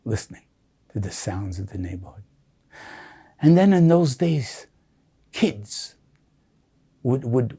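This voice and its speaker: Husky older man telling his story. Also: medium pitch. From United States. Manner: animated, acts out voices in his story. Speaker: interviewee. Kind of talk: emotional storytelling.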